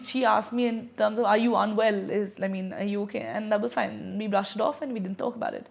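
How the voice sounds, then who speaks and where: A young woman speaks candidly in an interview, reflecting as she talks and often stopping to restart a thought. Her voice sits at an ordinary middle pitch. The audio is slightly dull and lo-fi. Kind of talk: personal testimony.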